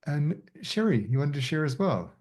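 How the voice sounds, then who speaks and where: A middle-aged man facilitating a coaching session, speaking softly and haltingly with many fillers. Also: on the high side, sing-song. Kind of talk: reflective group discussion.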